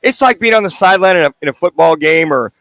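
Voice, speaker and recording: A man's voice: fairly high pitch, expressive, fast, a bit bright, no echo. Rambling sports radio co-host, man. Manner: rambling storyteller with many restarts. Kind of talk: casual sports talk. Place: sports bar, live remote broadcast.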